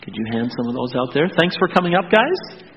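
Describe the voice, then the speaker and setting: A male pastor with a lively, up-and-down voice, pitched a bit high for a man. He reads scripture with slow deliberate weight and then chats easily with kids. The recording is dull, with a long church reverb behind him. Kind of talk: scripture reading and children's sermon. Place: church sanctuary.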